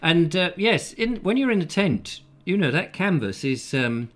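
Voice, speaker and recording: A man's voice: on the high side, very animated, measured pace. A man hosting a comic live chat show from a room in a house, telling stories in a rambling, jokey way with many fillers. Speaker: show host.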